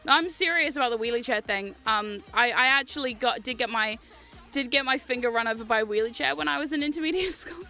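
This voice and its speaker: A woman in her thirties chats on her livestream in a high, sharply bright voice. She rambles through stories with frequent giggles and answers chat aloud, with faint music playing behind her. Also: fast talker. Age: 30s. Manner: chatty, giggly storytelling, reads chat aloud. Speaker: livestream host.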